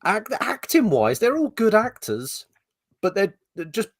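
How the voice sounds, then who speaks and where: A man's voice: high-pitched, wildly swooping pitch, a little slow, no room sound, studio quality. A middle-aged man co-hosting a podcast, ranting in exasperation and swearing freely in casual chat. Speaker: podcast co-host.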